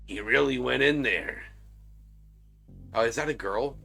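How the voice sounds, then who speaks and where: An excitable man commenting as he plays a video game and talks to his viewers. His voice is gravelly and bright, with faint game music underneath. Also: medium pitch, normal speed. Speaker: gaming video creator. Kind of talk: casual let's-play commentary.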